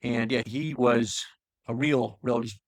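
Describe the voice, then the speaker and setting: A man's voice: mid-range voice, fairly even intonation, takes it slowly, no room sound, clean studio sound. A man casually retelling a story in a loose, rambling way with many fillers. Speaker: lore explainer. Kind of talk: casual lore chat.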